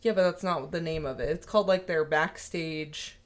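A woman co-hosting a casual movie podcast, relaxed and quick to laugh. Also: low voice. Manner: laid-back, laughs often. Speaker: podcast co-host. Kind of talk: casual chat.

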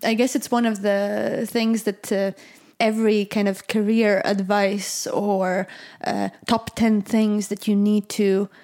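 A woman from Latvia, hosting a casual podcast chat, hesitant with many fillers and restarts and quick to laugh. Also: medium pitch, level tone, a little mellow. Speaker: podcast host.

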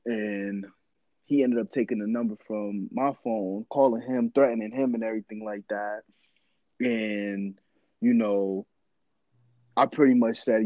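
A man's voice: lowish voice, normal speed, dry recording, muffled recording. A man chatting casually with friends and telling a story in slangy talk, acting out the voices. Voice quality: slangy, animated, acts out voices.

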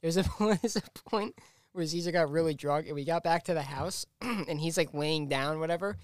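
A man's voice: a little high, normal speed, no room sound, studio quality. A young man co-hosting a podcast, telling stories in a rambling way with laughter in casual chat. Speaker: podcast co-host.

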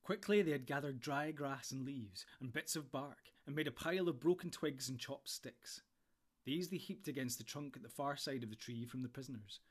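A man reading a storybook in steady, measured narration. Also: mid-range voice, breathy edge. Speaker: audiobook narrator.

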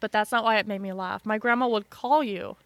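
A woman's voice: medium pitch, a little fast, a bit bright, no room sound. A woman from a small town co-hosting a casual podcast chat, wry, swearing casually and acting out quotes in her stories.

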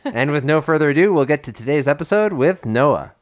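A man's voice: on the high side, animated, a little fast. A man hosting a casual podcast, introducing the show with a wry, playful delivery. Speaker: podcast host. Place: New York.

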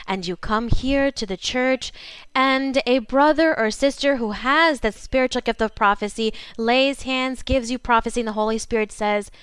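A woman preaching a sermon to her congregation in a fervent way, slowing down for emphasis. Her first language is Spanish. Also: a little high, a bit bright, clean tone, no echo. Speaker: pastor.

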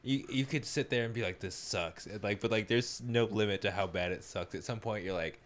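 A man with a somewhat low voice in a relaxed podcast conversation. He swears casually and chimes in with short agreeing replies. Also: fairly quick. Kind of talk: casual chat.

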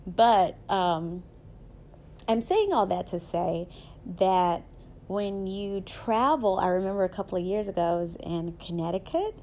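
A woman's voice: mid-range voice, a little slow, warm tone, slight background noise. A woman with a Southern US accent, hosting a podcast and telling personal stories in a chatty, faith-based motivational talk, often checking in with the listener. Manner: chatty storytelling, often asks "right?". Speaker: podcast host.

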